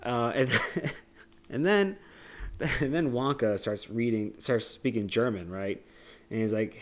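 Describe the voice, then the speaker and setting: A man's voice: mid-range voice, big pitch swings, unhurried. A young man co-hosting a podcast, recapping a movie in a rambling, joking way with frequent laughs. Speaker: podcast co-host. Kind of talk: casual movie discussion.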